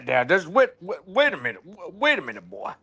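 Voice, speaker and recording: A man's voice: sits high, wildly swooping pitch, fairly quick, sharp tone. A man joining a casual livestream chat as a guest, joking playfully. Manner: jokey, playful drawl.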